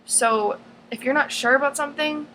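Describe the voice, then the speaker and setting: A woman's voice: high voice, moderate pace, pushed and bright, a little hiss or hum, poor audio. A teenage girl in her own advice vlog, talking earnestly and rambling, with lots of fillers and restarts. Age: teens. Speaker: vlogger.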